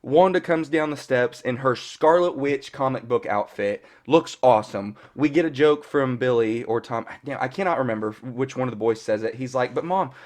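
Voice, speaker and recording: A man's voice: medium pitch, moderate pace, few pauses, darkish tone. A man in his thirties casually recapping a TV episode as a fan reviewer, rambling and filling his talk with "you know" and the odd curse word. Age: 30s. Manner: rambling, peppered with "you know" and mild cursing.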